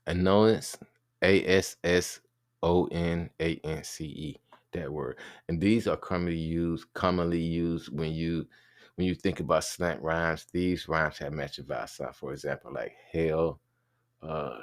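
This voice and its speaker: A man with an extremely low, gravelly voice talks through an informal lesson. He stops and restarts often and spells words out letter by letter. The sound is dry, with no room echo. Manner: halting, with many fillers and restarts, spelling words out. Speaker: teacher explaining rap rhyme schemes.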